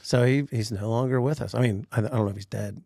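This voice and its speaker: A man on a podcast telling a workplace story in casual chat, animated, laughing often and acting out the people he quotes. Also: mid-range voice, fast, creaky, no room sound, clean studio sound. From Pennsylvania.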